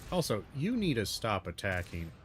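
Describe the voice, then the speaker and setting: A man narrating his own gameplay, muttering and cursing in exasperation, with sudden loud outbursts. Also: on the low side, wildly swooping pitch, normal speed. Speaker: gaming video host. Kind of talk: let's-play commentary.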